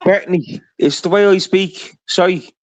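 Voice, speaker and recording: A man's voice: high voice, moderate pace. A man with a Scottish accent hosting a live stream, pressing with the same questions again and again and stumbling over his words. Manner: pressing, repetitive questioning, stammering restarts. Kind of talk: heated live-stream argument.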